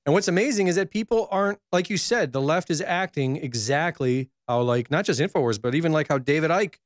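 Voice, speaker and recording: A man, a reporter, talking in a measured, hesitant way during a casual political chat. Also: a little high, lively intonation, no echo, studio quality.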